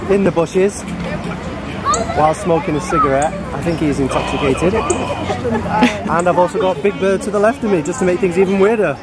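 A man's voice: high voice, moderate pace, long pauses, over a noisy crowd. A young man chatting in a teasing, laid-back way on a travel vlog, filmed on a handheld camera outdoors. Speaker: vlog co-host. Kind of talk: casual joking chat. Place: outdoors on city streets. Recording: loud street noise.

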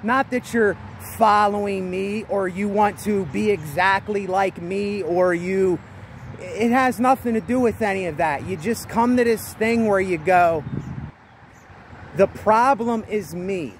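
High-voiced man talking loudly outdoors. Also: unhurried. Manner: emphatic and repetitive, speaking loudly over outdoor noise. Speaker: vlogger. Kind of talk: motivational self-talk vlog. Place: outdoors near traffic.

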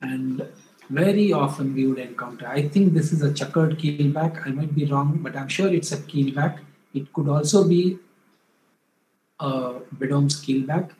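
A man from India, presenting wildlife photos in a talk, often pausing and correcting himself, livelier when retelling a story. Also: on the high side, dark tone. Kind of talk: illustrated talk. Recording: echoey room, faint background noise.

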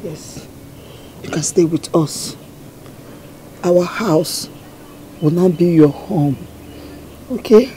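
A woman's voice: fairly low pitch, slight background noise. An actress with a Nigerian accent playing a motherly woman who soothes a crying girl. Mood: soothing. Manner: soothing, slow, warm-hearted. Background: film score music.

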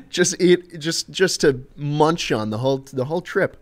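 A man's voice: fairly high pitch, normal speed. Man rambling through a funny story. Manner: rambling, amused, uses fillers and swears. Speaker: streamer and co-host. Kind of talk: casual storytelling chat on a live stream.

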